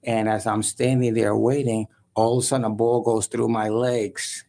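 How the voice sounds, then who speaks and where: A man guest on a talk show, telling a story in a lively way and acting out other people's voices. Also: fairly low pitch, moderate pace.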